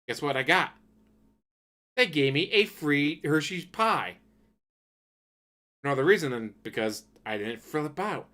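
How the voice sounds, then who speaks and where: A man hosting a reaction channel, telling casual stories in a relaxed, profane way on a desk microphone. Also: a little high, unhurried, pauses often. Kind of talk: casual anecdotal commentary. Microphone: desk USB microphone.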